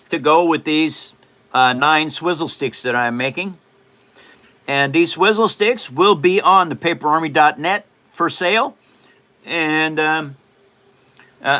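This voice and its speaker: A man's voice: fairly high pitch, bright, forceful tone. A man in his seventies hosting a casual livestream, joking and rambling with frequent laughs. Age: 70s. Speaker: livestream host.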